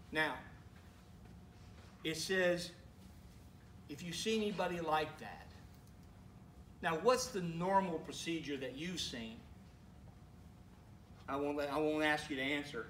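A male pastor preaching a sermon in a relaxed, conversational way, asking the congregation questions and making teasing asides. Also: a little high, far from the mic, a little hiss or hum. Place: church sanctuary. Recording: echoey room, speaker away from mic.

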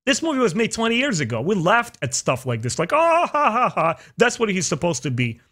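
Animated, opinionated podcast host, man. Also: fast talker. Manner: opinionated, animated, jumps into high pitch for emphasis. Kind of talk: casual chat.

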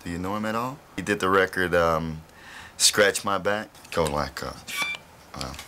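A man's voice: low-pitched, a little slow, noisy background. A male blues musician, telling rambling stories with laughter. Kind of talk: relaxed storytelling interview.

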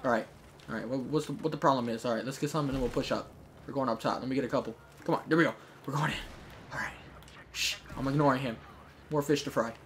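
A man giving jokey, chatty commentary over his own gameplay, breaking into shouts when things get tense. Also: mid-range voice, a little hiss or hum. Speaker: gaming YouTuber. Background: game gunfire.

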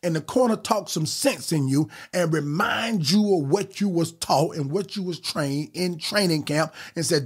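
A man with a high, husky voice delivers a fervent podcast sermon. He preaches with a rising, rhythmic exhortation, rushing some phrases and stretching others for emphasis.

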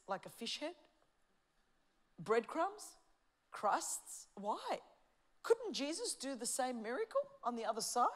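Lady pastor preaching, high voice, goes from shouting to quiet. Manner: passionate, shifting between shouting and quiet emphasis. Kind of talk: sermon.

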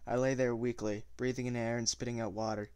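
A man reading a novel aloud at a steady pace, with small slips and self-corrections. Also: medium pitch, quick pace, smooth, dry recording. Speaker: audiobook reader.

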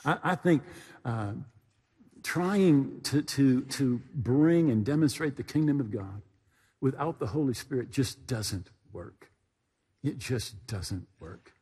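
A man's voice: mid-range voice, animated, slow, a little mellow, breathy edge, long reverb tail. A male pastor telling a story in a sermon, folksy and anecdotal, often turning to ask the congregation questions.

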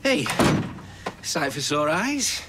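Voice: medium pitch, big pitch swings, takes it slowly, sharp tone, slight background noise, heavily acted. A performer in a television soap drama, asking concerned questions.

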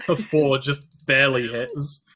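A man's voice: mid-range voice, fairly even intonation, measured pace, sharp tone, slight background noise. A man acting as game master in a tabletop game, explaining rules patiently with many fillers. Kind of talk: running a tabletop game online.

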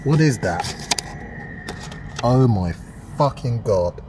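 A vlogger with an English accent stands in a town square, ranting, swearing in disbelief and laughing at a cash machine. His mid-range voice is animated but slow, and street noise fills the background of the phone recording.

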